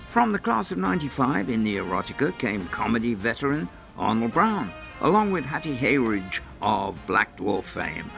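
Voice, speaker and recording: A man's voice: medium pitch, very animated, moderate pace, creaky, hardly any pauses. A man narrating a scripted recap with a dry, wry delivery. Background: music.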